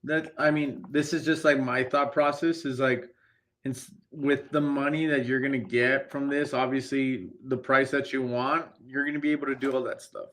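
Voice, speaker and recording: A man's voice: mid-range voice, level tone, moderate pace, a bit bright. A man hosting a live stream, casually and upbeat as he persuades a seller on a phone call. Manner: upbeat, persuasive, laughs along. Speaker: real estate investor host.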